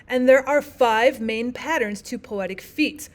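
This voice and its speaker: In a recorded lesson, a woman walks through terms one step at a time, keeping things clear and methodical and going back over the key points. Her voice sits on the high side, and her pace is measured.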